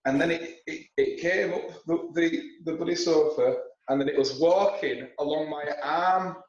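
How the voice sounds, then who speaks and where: Animated man telling stories. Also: a little high, moderate pace. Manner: animated storyteller, swears casually. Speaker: co-host. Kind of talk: casual pub-style chat. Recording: echoey, dull lo-fi audio.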